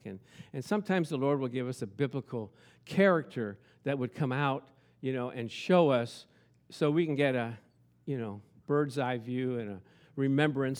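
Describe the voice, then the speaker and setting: A male pastor preaching a sermon, animated and storytelling, at times shouting. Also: medium pitch, normal speed.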